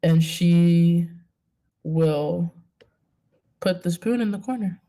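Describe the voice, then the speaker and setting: A woman narrating a tabletop game as game master, hesitant, with many pauses and fillers. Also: on the low side, mellow.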